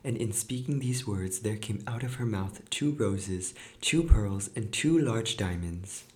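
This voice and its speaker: A man hosting a podcast, reading an old fairy tale aloud in a measured, even way. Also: fairly low pitch. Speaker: podcast host and reader. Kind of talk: storybook reading.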